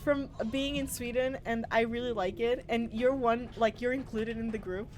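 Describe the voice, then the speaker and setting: A woman's voice: on the high side, fairly even intonation, normal speed, a crowd in the background. A woman streamer with an American accent, chatting casually while gaming, giggly and easily startled.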